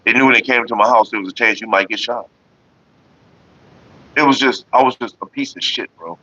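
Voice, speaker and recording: Answering his viewers from Northern California, this man speaks at a medium pitch and a slightly quick pace, easygoing and profane as he rambles on about staying calm. His casual vlog has a muffled, lo-fi sound.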